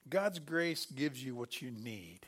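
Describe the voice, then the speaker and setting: A middle-aged man preaching a sermon, lively and animated, acting out quoted voices with sudden loud bursts. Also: mid-range voice, slow pace, breathy edge. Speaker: pastor.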